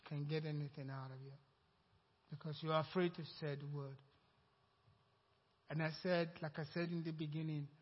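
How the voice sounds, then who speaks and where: Preaching pastor in an echoey hall. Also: male voice, fairly high pitch. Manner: animated preaching, acts out quoted dialogue. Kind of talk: sermon. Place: church sanctuary. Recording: dull echoey church hall recording.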